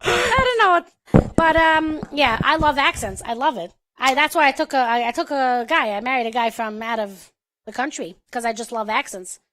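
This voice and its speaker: A high, bright, squeaky-voiced American woman chatting away on a charity livestream. She is bubbly and talkative, with a voice that stands out, and she laughs easily. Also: lively intonation, moderate pace. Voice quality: squeaky, distinctive voice. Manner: chatty and bubbly, laughs often, says "you know what I'm saying". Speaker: co-host of a charity auction livestream. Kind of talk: casual chat.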